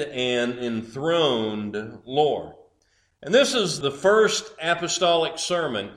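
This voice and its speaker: A man's voice: on the high side, a bit bright, echoey room. A man preaching a sermon, building emphasis through repeated phrases.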